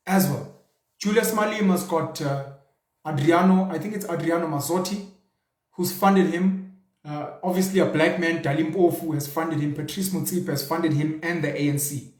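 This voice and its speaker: A man's voice: a little high, moderate pace. A young South African man hosting his own show, speaking in a passionate, rhetorical way with mocking asides. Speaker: show host. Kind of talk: casual commentary monologue. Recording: roomy echo.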